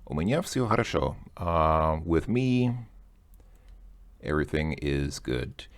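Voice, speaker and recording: Man, very deep voice, dry close sound, chatty joking teacher. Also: animated, takes it slowly, no echo. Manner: chatty, joking, thinking aloud. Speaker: language teacher. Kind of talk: casual explaining lesson.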